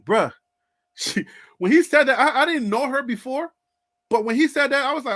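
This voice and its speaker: A man with a high voice hosts a sports fan channel in a casual live-stream chat. He speaks animatedly, laughs often and calls out to his viewers by name. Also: lively intonation, moderate pace, pauses often, sharp tone.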